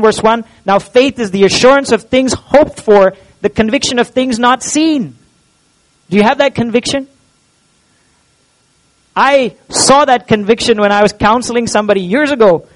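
High-voiced male pastor preaching earnestly. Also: low-quality recording. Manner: earnest, preaching with rhetorical questions. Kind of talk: sermon. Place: church.

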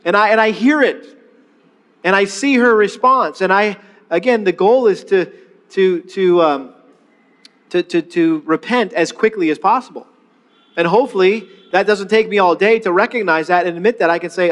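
Pastor, male, middle-aged: a high, talky sermon voice full of restarts and call-and-response, recorded in a big reverberant sanctuary. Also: normal speed, a bit bright. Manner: leads the congregation in call-and-response repetition; conversational, with frequent restarts and rhetorical questions. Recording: long reverb of a large hall.

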